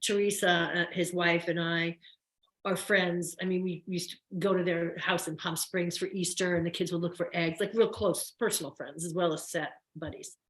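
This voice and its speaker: Older actress guest, chatty and effusive, low-ish voice, roomy sound. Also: female voice, fairly even intonation, normal speed. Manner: chatty, effusive, frequent restarts. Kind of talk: casual interview chat. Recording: roomy echo.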